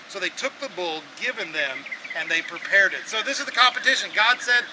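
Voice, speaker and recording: A man preaching an outdoor sermon, telling the story in an animated, sarcastic way and acting out voices. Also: high-pitched, fast talker, hardly any pauses. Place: outdoors at a campsite. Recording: windy outdoor noise.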